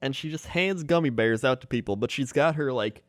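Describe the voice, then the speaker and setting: A man's voice: mid-range voice, brisk, no room sound, studio quality. A man co-hosting a podcast in casual chat, laid-back and giggly as he tells stories. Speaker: podcast co-host.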